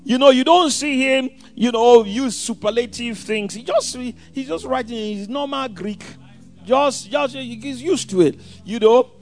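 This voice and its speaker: A man preaching a sermon, swinging from hushed asides to shouted scripture quotes. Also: extremely high pitch, unhurried, faint music behind.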